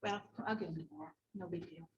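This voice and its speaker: A woman helping at a church, speaking in a relaxed, matter-of-fact way. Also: fairly low pitch, quick pace. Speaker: church helper. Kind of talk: casual chat. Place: church room. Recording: distant, dull sound with faint noise.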